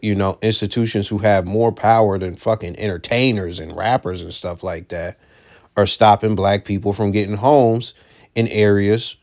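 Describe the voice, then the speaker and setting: Man, lowish voice, blunt, profane, casual commentary, repeats himself. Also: a little mellow.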